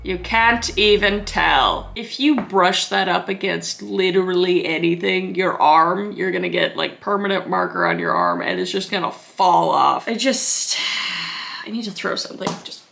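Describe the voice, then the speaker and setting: A woman's voice: on the low side, animated, a little slow, vocal fry, fairly bright tone, soft background music. A young woman hosting a comedy video, mocking what she watches with exasperated, swearing reaction commentary.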